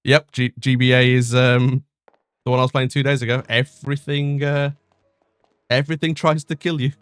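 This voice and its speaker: A man's voice: mid-range voice, flat delivery, moderate pace, smooth, no echo. Chatty young man streaming a game. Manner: chatty, self-mocking, trails off with fillers. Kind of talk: casual chat over gameplay.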